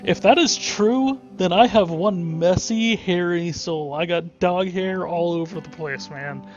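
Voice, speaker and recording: A man's voice: sits high, a little slow, highs cut off, faint music behind. A man giving casual let's-play commentary, rambling and thinking aloud with many restarts.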